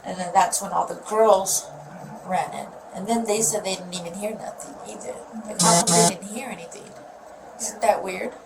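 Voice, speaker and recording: Upset gravelly-voiced woman in a noisy police interview. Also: fairly low pitch, steady tone, moderate pace. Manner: rambling, upset, trailing off. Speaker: mother questioned by police. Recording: distant mic with loud noise.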